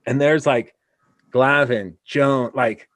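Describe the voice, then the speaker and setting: A man's voice: mid-range voice, steady tone, slow, fairly bright tone, no room sound. A man from Wyoming hosting a casual interview, telling rambling anecdotes full of restarts. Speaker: podcast host.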